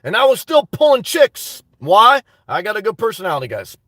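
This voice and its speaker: A man in his thirties hosting a casual livestream, talking in an animated, profane way with loud outbursts. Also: sits high, normal speed, dry recording, clean studio sound. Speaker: livestream host.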